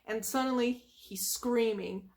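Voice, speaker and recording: High-voiced woman retelling a story. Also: measured pace, a little mellow. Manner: chatty, with fillers and asides. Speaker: ASMR storyteller.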